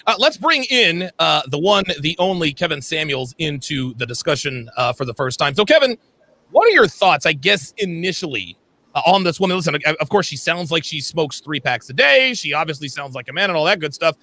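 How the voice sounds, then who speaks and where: A man hosting a livestream panel, reading viewer super chats aloud and quick to laugh. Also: a little high, pushed and bright. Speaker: host.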